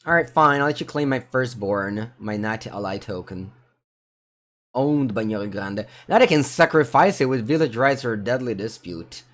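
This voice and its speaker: Italian-accented streamer, live card game commentary, mostly mumbled asides broken by loud excited yelps. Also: male voice, medium pitch, moderate pace. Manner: muttering thoughts aloud, with sudden excited outbursts.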